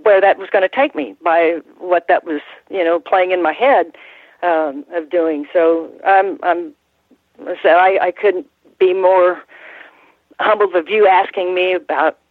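An older woman, a guest in an interview, telling stories in a rambling, halting way with frequent restarts and laughs. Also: fairly low pitch, fairly even intonation, no echo. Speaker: guest, former ring announcer. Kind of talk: casual interview storytelling. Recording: tinny phone line.

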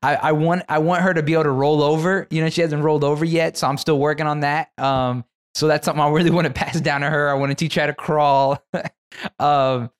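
A young man with a slightly high voice chats casually and easily. He hesitates and repeats his words as he feels his way through his thoughts. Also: fairly even intonation, a little fast, clean tone. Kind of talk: casual chat.

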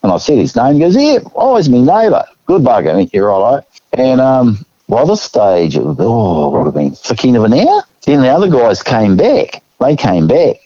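A man with an Australian accent telling a story in a relaxed, casual way, acting out what people said, with the odd chuckle. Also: mid-range voice, moderate pace, few pauses, dry recording, highs cut off. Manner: laid-back yarn-spinner, acts out quotes with chuckles. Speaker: guest.

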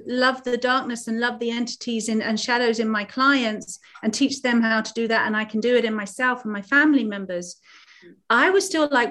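A woman's voice: on the high side, a bit bright. A woman spiritual healer talking earnestly in a casual podcast conversation, rambling with many restarts.

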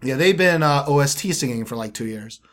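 A man's voice: medium pitch, lively intonation, a little fast. A man co-hosting a casual podcast, joking and getting defensive in a loose back-and-forth. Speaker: podcast co-host. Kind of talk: casual chat.

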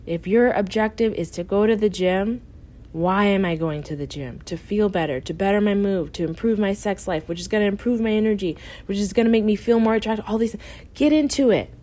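A woman speaks as host of her own coaching podcast, addressing listeners directly. She is encouraging and blunt in a tough-love way, and she laughs easily. Her voice sits at a middling pitch. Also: a little fast, warm tone. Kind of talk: motivational podcast talk.

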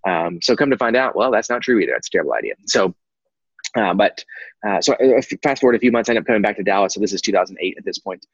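A man's voice: lowish voice, lively intonation, quick pace, husky, no room sound, highs cut off. A man, candidly telling his life story as a guest, rambling with lots of fillers. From Texas. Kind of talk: personal story in conversation.

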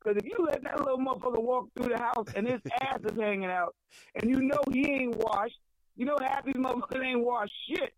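High-voiced man ranting loudly over phone. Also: fairly quick, no echo. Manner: loud, stammering, cursing rant. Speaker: radio show co-host calling in. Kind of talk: profane comic rant. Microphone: phone call. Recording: phone line with music behind.

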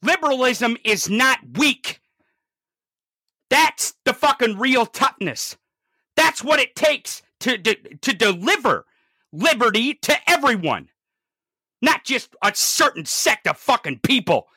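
A commentator delivering an angry, profanity-heavy political rant, swinging from low growls to shouts. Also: big pitch swings, slow, husky, no echo, clean studio sound.

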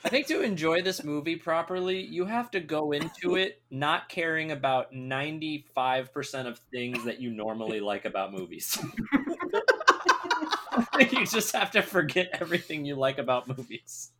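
A man's voice: mid-range voice, animated, normal speed, heavy background noise. A man co-hosting a casual movie review podcast, exasperated and mocking, often laughing. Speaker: podcast co-host.

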